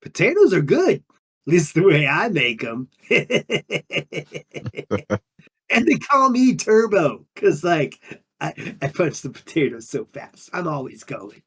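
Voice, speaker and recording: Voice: medium pitch, huge pitch swings, slow pace, a bit bright, slightly rough, full character voice. A performer playing a laid-back undine monk who talks in drawling surfer slang, in an improvised in-character interview. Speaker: player character.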